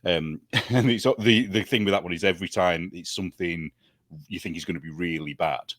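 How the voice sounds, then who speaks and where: A man's voice: deep voice, brisk, a bit bright, no room sound, clean studio sound. A British man chatting casually as a guest, laughing often and slipping into mimicked accents. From United Kingdom. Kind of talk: casual chat.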